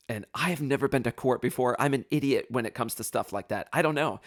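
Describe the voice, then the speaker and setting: A man hosting a podcast, telling a personal story in an animated, self-deprecating way, with plenty of ums and restarts. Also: medium pitch, fast, no room sound, studio quality. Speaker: podcast host.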